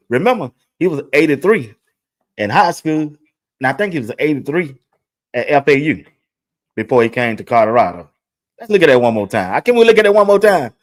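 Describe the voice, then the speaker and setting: A man hosting a sports talk show, chatting excitedly. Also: medium pitch. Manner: excited, chatty, talks to viewers directly. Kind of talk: casual commentary over video clips.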